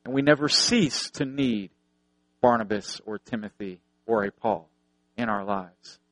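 A man's voice: fairly low pitch, measured pace, a bit bright, dry recording, rough recording. Earnest male preacher, dry close sound. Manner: earnest, repeats phrases for emphasis, tells anecdotes. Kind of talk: sermon.

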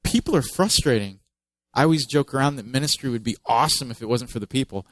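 A man's voice: medium pitch, quick pace, a bit bright, dry recording, low-quality recording. A man preaching a sermon in a conversational way, reading scripture aloud with emphasis and adding joking asides. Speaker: pastor.

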